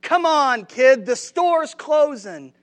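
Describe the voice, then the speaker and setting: A man's voice: very high-pitched, sing-song, slow pace, soft background music, full character voice. A man preaching puts on the voice of a grumpy, impatient mall Santa.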